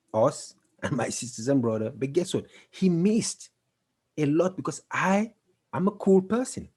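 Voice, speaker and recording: A man's voice: medium pitch, darkish tone, husky. A man giving an emphatic, repetitive motivational talk, building to intense passages. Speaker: motivational speaker.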